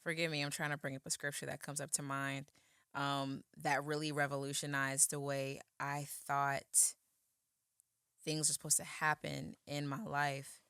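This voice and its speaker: Energetic female co-host with a deep voice and a forceful tone, encouraging. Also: moderate pace, clean tone, no room sound, studio quality. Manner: energetic, encouraging, reflective when teaching. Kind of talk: faith talk and scripture teaching.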